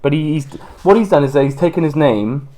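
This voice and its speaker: British man, podcast co-host, casual rambling chat, a touch high-pitched. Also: lively intonation, dark tone. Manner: chatty, rambling, quick asides.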